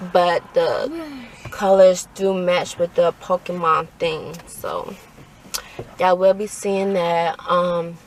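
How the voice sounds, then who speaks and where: Young female vlogger, unhurried and low-pitched, rambling and tired, a little far from the mic. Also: a little hiss or hum. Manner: rambling, many fillers, stressed and tired. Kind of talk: casual vlog talk to camera.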